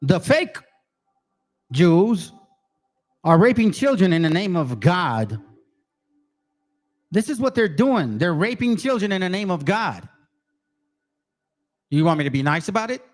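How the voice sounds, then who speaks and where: A man's voice: high-pitched, big pitch swings, a little slow, long pauses. A man giving heated, profane commentary on video clips, ranting angrily.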